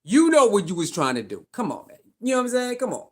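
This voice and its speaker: A man's voice: high voice, huge pitch swings, fast, breathy edge. A man hosting casual commentary, talking back to a clip in a loose, conversational way. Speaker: commentary host.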